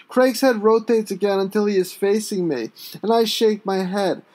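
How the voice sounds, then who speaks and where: A man reading his own first-person story aloud, with an intense, raw delivery that breaks into sudden shouts. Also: high-pitched, moderate pace, hardly any pauses.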